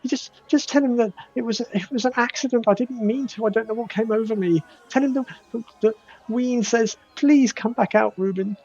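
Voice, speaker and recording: A man voicing a tearful, jilted halfling woman in a high, breathy falsetto. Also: a little fast, dark tone, full character voice. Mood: tearful pleading. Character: weepy tiny woman, jilted and pleading. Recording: dull lo-fi audio.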